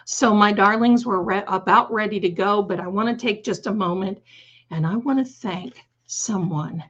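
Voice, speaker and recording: A slightly hoarse woman hosting a live stream, chatting fondly with viewers and calling them her darlings. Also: mid-range voice, normal speed, fairly bright tone, muffled recording. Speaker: livestream host. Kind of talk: casual livestream chat.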